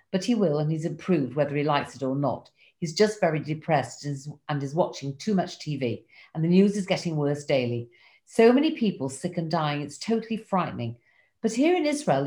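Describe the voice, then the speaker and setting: Older woman, low voice, wry and candid diary reader. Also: a little mellow. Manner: wry, self-mocking and candid. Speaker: guest recounting a diary. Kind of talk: reading diary entries and casual chat.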